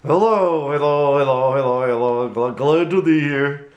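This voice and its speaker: A man's voice: fairly high pitch, unhurried, darkish tone, voice pushed up, close to an everyday voice. A man voicing a pushy middle-aged male landlord puppet, talking through still lips with a slightly muffled sound, in an echoey room. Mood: chirpy.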